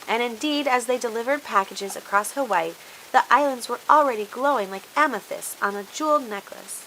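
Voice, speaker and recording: Bright-voiced woman reading a storybook. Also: fairly high pitch, fairly quick, a little hiss or hum, low-quality recording. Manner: expressive, animated read-aloud.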